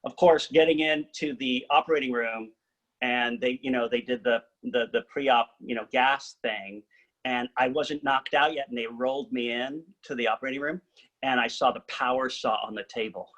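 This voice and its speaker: A man telling his own story casually to an audience, animated and joking at his own expense. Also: medium pitch, normal speed, dull audio. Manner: animated, joking, self-mocking. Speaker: singer-songwriter and cancer survivor speaker.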